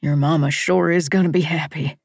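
A woman voicing a kind, fatherly middle-aged man on a rescue boat, talking in a gentle, drawling, coaxing way. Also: low-pitched, steady tone, brisk, slightly rough, dry recording, clean studio sound, pitched below the performer's own voice. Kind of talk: audiobook character voice.

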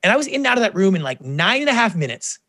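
Animated man telling stories, dry sound. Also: high voice, racing, dry recording. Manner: animated, acts out quoted dialogue. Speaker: guest, television producer. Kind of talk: casual interview storytelling.

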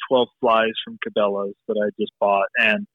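A man's voice: fairly low pitch, little pitch movement, moderate pace, no room sound, phone-quality sound. A man talking casually as a podcast guest, rambling and leaning on "you know" as he explains his fly tying. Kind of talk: casual interview chat.

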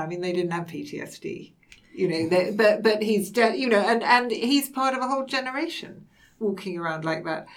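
A woman's voice: mid-range voice, distant mic. A woman hosting a book discussion, talking hesitantly and searching for her words. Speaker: host. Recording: voice a bit off mic.

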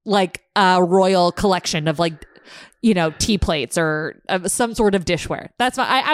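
A woman's voice: on the low side, unhurried, clear, resonant tone, no room sound, studio quality. A young woman co-hosting a podcast in casual chat, rambling with lots of fillers and frequent laughter. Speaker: podcast co-host.

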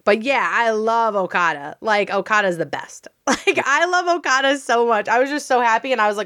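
A woman's voice: fairly high pitch, animated, brisk, few pauses, sharp tone, dry recording, clean studio sound. A woman co-hosting a casual wrestling podcast, gushing and laughing often, swearing freely. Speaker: podcast co-host. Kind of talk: casual chat.

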